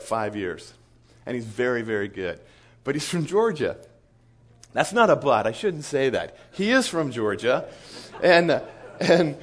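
A man, a missionary, telling an animated story in a sermon, chuckling often and acting out the people in it. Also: mid-range voice.

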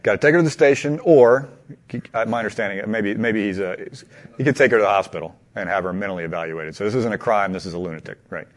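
A man telling a long anecdote to a small group in a casual, halting way, asking them questions along the way. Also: lowish voice. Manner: animated, halting, many restarts and laughs. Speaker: teacher leading a group discussion.

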